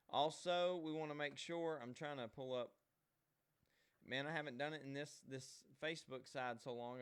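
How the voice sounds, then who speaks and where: Man, livestream host, folksy casual chat, slightly high voice, crisp. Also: bright, forceful tone. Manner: chatty, folksy, talks straight to viewers. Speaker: host of a live online show.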